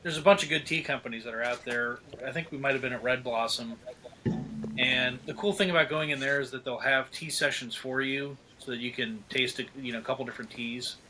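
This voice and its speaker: A middle-aged man chatting on a podcast, telling animated stories, laughing often and acting out what people said. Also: mid-range voice, brisk, a little hiss or hum. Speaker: podcast guest. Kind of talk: casual storytelling chat.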